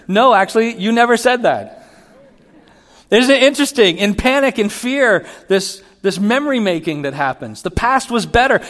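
A man giving a sermon as a pastor, teaching in an animated way and acting out Bible quotes with rising emphasis. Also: high-pitched, normal speed. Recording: long hall reverb.

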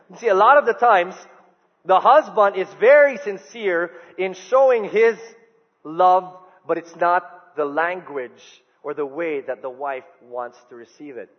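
A middle-aged male pastor, his voice sitting high for a man. He preaches in an animated storytelling way, dropping to a hush for tender quoted lines. The sound is muffled and carries a long hall echo. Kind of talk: sermon.

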